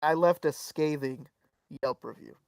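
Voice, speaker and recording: A man's voice: a little high, a little slow, vocal fry, clear, resonant tone, no echo, recorded from a distance. A man spins a long, profanity-laced anecdote for his podcast co-hosts, jumping into little voices for everyone in the story. He sits a bit back from the mic in a dry, dead room. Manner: animated storyteller, swears freely, acts out quotes. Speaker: podcast co-host. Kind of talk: casual storytelling chat.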